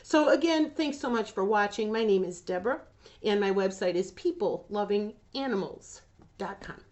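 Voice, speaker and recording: A woman's voice: mid-range voice, expressive, normal speed, a little mellow. A woman hosting a dog training channel, talking earnestly and emotionally to camera and getting choked up about the dogs. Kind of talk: emotional direct-to-camera talk.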